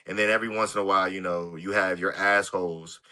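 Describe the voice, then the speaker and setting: Man, lower voice, very forceful tense tone, casual rambling sports chat. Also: steady tone, fast. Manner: loose, full of "like" and "you know". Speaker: podcast co-host.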